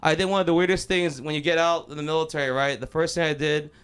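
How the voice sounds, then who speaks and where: A man's voice: fairly high pitch, fairly even intonation, fast talker, fairly bright tone, clean tone. A young man from Los Angeles doing a loose, rambling, profane open mic stand-up set in a small comedy club.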